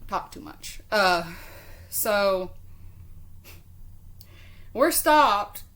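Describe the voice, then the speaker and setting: A chatty woman recounts a story on her vlog in a loose, rambling style. She drifts off on tangents, swears freely and laughs easily, with a voice of ordinary middle pitch. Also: extremely slow. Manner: chatty and expressive, laughs often. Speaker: vlogger. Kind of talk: casual storytelling to camera.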